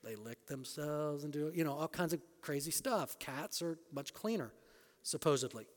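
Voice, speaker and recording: A man preaching a sermon as a pastor, emphatic, rising to loud peaks and dropping low again. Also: expressive, normal speed. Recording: long reverb of a large hall.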